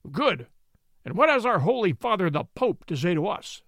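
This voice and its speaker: A furious, scornful robber baron barks commands, as a male narrator puts him on. The voice sits fairly high and swings widely, recorded dry and close. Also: sing-song, normal speed, fairly bright tone, no echo, exaggerated voice. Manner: roaring, commanding. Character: furious cruel robber baron, middle-aged man.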